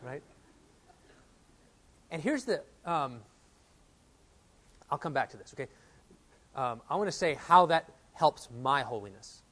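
A man in his thirties preaching a sermon, earnest and animated, reading quotes aloud and telling stories from home. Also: a little high, a little slow, long pauses, slight background noise. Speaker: pastor.

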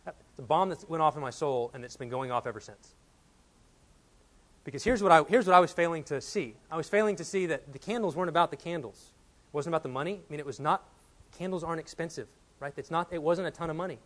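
In this sermon, a pastor from Texas, in his thirties, shares a personal story in a relaxed, conversational way before climbing to urgent, forceful points. His voice is fairly high, a bit bright, and fast.

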